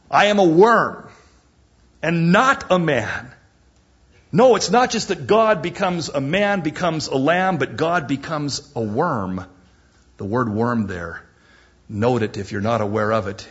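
A man preaching a sermon with dramatic emphasis, slowing down and dropping to a near whisper on key words. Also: medium pitch, breathy edge, dull audio.

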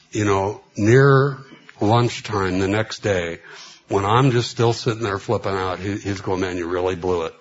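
A man's voice: lowish voice, muffled recording. A man telling long personal stories in a sermon, full of fillers and acted-out dialogue. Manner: rambling, filler-heavy anecdotes with quoted dialogue. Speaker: preacher. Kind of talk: storytelling sermon.

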